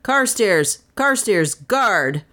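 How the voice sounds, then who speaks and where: A woman's voice: low-pitched, unhurried. A woman voicing a cocky, wisecracking male private detective in an audiobook reading. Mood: shouting commands. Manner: brash, bossy, sardonic.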